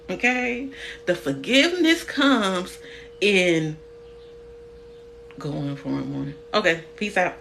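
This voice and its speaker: Animated preachy woman on a phone livestream. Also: mid-range voice, slight background noise. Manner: emphatic and repetitive, addresses an imagined person directly; frank, with casual cursing. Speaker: spiritual content creator.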